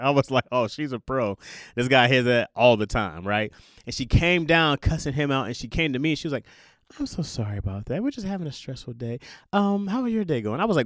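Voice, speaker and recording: A man's voice: medium pitch, fairly bright tone, dry recording, studio quality. A young adult man hosting a casual monologue podcast, telling stories with playful voiced asides and laughs. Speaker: podcast host.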